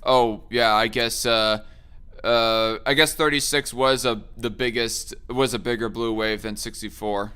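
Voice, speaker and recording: A man's voice: medium pitch, steady tone, a little slow, pushed and bright, clean tone. A man hosting a casual political chat, thinking aloud with many fillers and restarts. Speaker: host.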